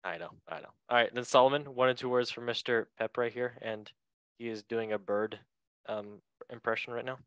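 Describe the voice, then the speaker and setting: A man's voice: medium pitch, fairly quick, a bit bright, clean tone, no room sound. Guy hosting a football chat podcast, jokey and rambly, dry close sound. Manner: joking, rambling, quizzes each guest in turn. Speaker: podcast host. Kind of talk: casual chat.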